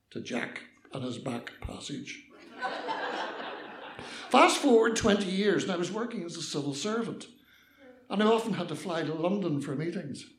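A man's voice: a little high, echoey room, a little hiss or hum. An older Northern Irish man telling a personal story with mischievous liveliness, acting out the voices.

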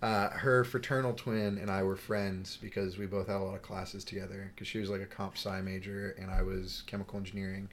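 A young man who is a guest on a casual podcast, excitable and swearing freely as he retells stories. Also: sits low, a little fast, hardly any pauses, slight background noise. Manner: excitable, swears freely, mimics himself in quotes. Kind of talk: casual chat.

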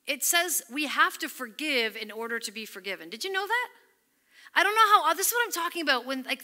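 Bright-voiced woman preaching an earnest sermon. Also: high voice. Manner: earnest, emphatic, drops to near-whisper on scripture. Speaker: pastor.

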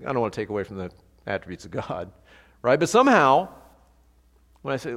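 Guy pastor preaching, casual and lively, lots of "right?" questions, long echo like a big church hall. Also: mid-range voice, a little fast. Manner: animated, conversational preaching with rhetorical questions. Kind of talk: sermon.

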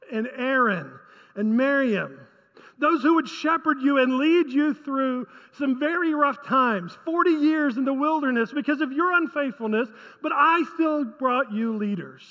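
High-voiced man preaching a sermon. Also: a little slow, long reverb tail, muffled recording. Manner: conversational, rhetorical questions to the congregation. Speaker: pastor.

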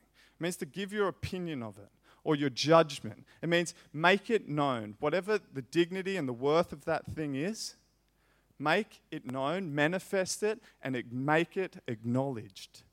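Impassioned male preacher. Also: a little high. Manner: impassioned, rising loud on repeated phrases, slow emphatic delivery. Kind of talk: sermon.

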